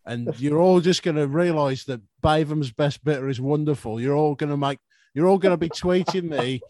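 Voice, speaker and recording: A man's voice: mid-range voice, a little mellow, no echo. Male podcast co-host; loose, jokey banter, trips over words; dry close mic. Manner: rambling, jokey, stumbles and repeats. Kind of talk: casual banter.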